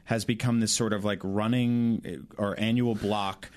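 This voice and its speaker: A man's voice: lowish voice, fairly even intonation, moderate pace, a little mellow. A man co-hosting a games podcast, telling rambling stories in casual chat with lots of fillers. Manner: rambling storyteller, many fillers. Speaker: podcast co-host.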